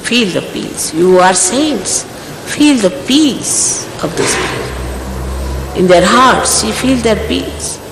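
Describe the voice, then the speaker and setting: A woman delivers a stern spiritual talk, her intonation swinging widely between high and low. The recording is an archival one in a large echoing hall with a faint hiss. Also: expressive, takes it slowly. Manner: scolding, earnest, exhorting. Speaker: spiritual teacher.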